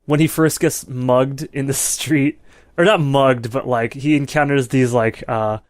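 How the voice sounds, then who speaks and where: A man's voice: mid-range voice, steady tone, a little slow, no room sound, studio quality. A man co-hosting a casual movie review podcast, talking in long, loose stretches full of "like" and "you know". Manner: rambling, heavy use of "like" and "you know". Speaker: podcast co-host. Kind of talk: casual film review chat.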